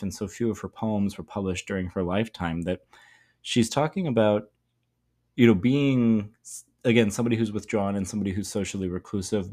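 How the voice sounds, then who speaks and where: Low-voiced man explaining a poem. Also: a little mellow. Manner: thoughtful, explanatory, with fillers. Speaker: teacher. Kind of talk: poetry lesson talk.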